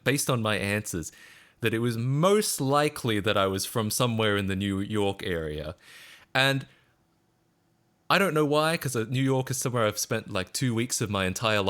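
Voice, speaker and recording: A man's voice: fairly low pitch, a bit bright. A man with an Australian accent chatting casually on a live stream, rambling and self-deprecating with frequent chuckles.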